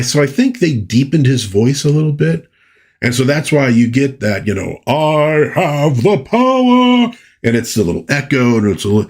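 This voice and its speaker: Medium in pitch, a little mellow, and edged with breathiness, this man's voice carries his pop culture show. As host, he wanders through casual commentary with a folksy manner and plenty of side remarks.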